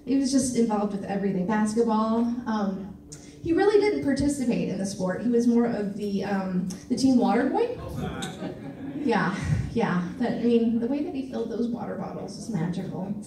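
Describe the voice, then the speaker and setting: A woman from Missouri doing a stand-up comedy set on a club stage, with a dry, self-deprecating delivery full of pauses and fillers. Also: on the high side, expressive, dark tone. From Missouri, USA. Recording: echoey club room, mic from a distance, faint ambience.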